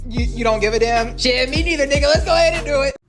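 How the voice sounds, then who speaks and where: A young man recapping a story game as a sarcastic, animated comedic commentary full of slang and swearing. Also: very high voice, fast, over music. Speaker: gaming YouTuber.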